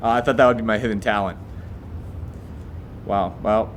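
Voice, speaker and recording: A man hosting a children's church show segment, animated and playfully bewildered. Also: lowish voice, moderate pace, slight background noise. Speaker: kids' show host.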